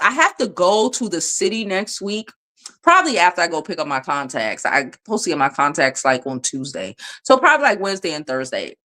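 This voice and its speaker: A woman hosts a casual livestream on her phone and answers her viewers' comments. She speaks bluntly with a lot of swearing. Her pitch swings widely and with energy from line to line. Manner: blunt, profane, animated. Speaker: livestream host.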